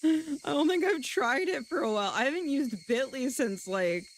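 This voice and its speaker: A woman's voice: sits high, lively intonation, normal speed, a little hiss or hum, low-quality recording. A woman streamer chatting casually with her live audience, rambling and self-deprecating, swearing often. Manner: chats directly to her viewers.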